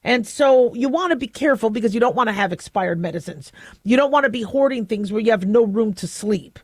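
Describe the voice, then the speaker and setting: A middle-aged woman hosting a talk radio show, chatting in a loose, self-deprecating way and often restarting her sentences. Her voice sits a little high and is recorded close and dry in a studio. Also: expressive, a little fast, a little mellow, no echo. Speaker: radio show host and physician. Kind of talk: casual talk radio monologue.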